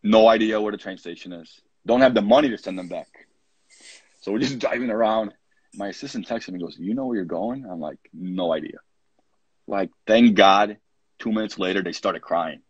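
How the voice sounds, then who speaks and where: Husky-voiced man telling coaching stories. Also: on the low side, brisk, dry recording, highs cut off. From Poland. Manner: animated anecdotes, acts out his own quoted lines, many fillers. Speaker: college soccer coach, podcast guest. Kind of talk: casual storytelling interview.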